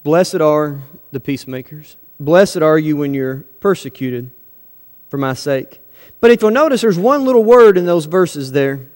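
A man's voice: fairly high pitch, animated, measured pace, darkish tone. A man preaching a sermon to his church, conversational and asking the congregation rhetorical questions. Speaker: pastor. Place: church sanctuary. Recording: long hall reverb.

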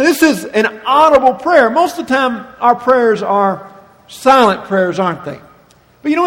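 A man with a high voice preaches earnestly, slowing down to stress key words. His sermon rings through a large church hall with a long reverb. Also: a bit bright. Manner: earnest preaching, slows for emphasis. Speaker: pastor.

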